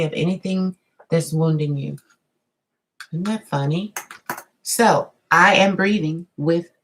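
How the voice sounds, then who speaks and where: A woman giving a live tarot reading in a chatty, drawn-out way, full of asides. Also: sits low, rough recording. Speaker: tarot reader.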